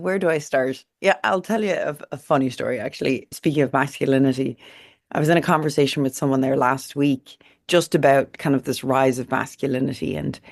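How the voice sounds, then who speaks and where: A woman's voice: very deep voice, vocal fry, darkish tone. An Irish woman in her thirties, a company founder answering interview questions as an earnest storyteller with many restarts. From Ireland.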